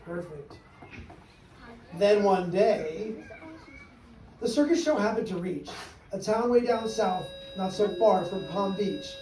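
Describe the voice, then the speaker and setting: A man's voice: sits high, lively intonation, slow, long pauses, darkish tone. A man telling a rhyming story to children and leading a sing-along, with a playful, teasing way of coaxing them to join in. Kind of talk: rhyming read-aloud and sing-along with kids. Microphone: distant mic. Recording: echoey room, distant mic, background noise.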